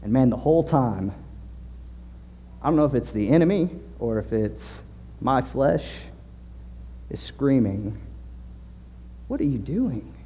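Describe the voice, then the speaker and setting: A man from Southern Illinois preaching a sermon, telling a story and acting out the dialogue in lively voices. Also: medium pitch, measured pace, long pauses, a little hiss or hum. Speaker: pastor. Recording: dull lo-fi sound with long hall reverb.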